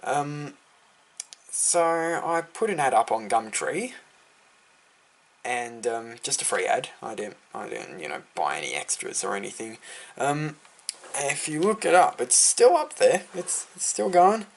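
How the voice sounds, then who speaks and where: A teenage boy with an Australian accent chats in a casual storytelling vlog about starting his lawn care business. He rambles, gets easily sidetracked and uses lots of fillers, speaking unhurriedly in an animated mid-range voice with vocal fry, over slight background noise.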